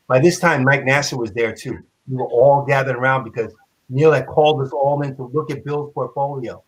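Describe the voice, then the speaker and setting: A man telling an animated, profane story on a convention panel, acting out quotes and laughing. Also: medium pitch, normal speed, slightly rough. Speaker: comic artist panelist.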